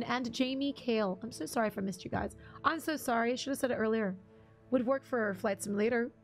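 Chatty woman streaming a game. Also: sits high. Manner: chatty, rambling storyteller, laughs often. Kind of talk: casual live-stream chat while gaming.

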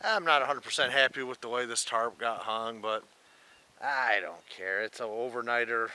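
A man chats his way through a camping vlog in a relaxed, rambling manner, often talking to his dog. His voice is bright and forward. He is recorded outdoors at a forest campsite with faint outdoor noise behind him. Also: medium pitch, moderate pace. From Michigan. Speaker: camping vlogger. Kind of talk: casual outdoor vlog narration.

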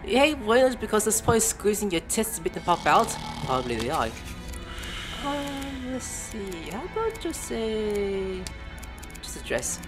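Animated man narrating a game. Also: sits high, a little slow. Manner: reads game text aloud and spells words letter by letter; exclaims in surprise and swears. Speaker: gameplay streamer. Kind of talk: casual let's-play commentary. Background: game music.

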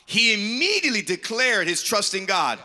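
A man's voice: sits high, very animated, moderate pace, sharp tone. A man pastor co-preaching a sermon, enthusiastic, reading scripture aloud and affirming each point. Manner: enthusiastic, repeats "I love that statement". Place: church sanctuary. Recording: long reverb of a church hall.

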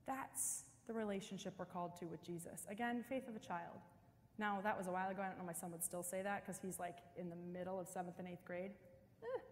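In a large church with long reverb, a middle-aged woman talks fast in a medium-pitched voice during a parish mission. She tells stories conversationally and fills her speech with frequent casual fillers.

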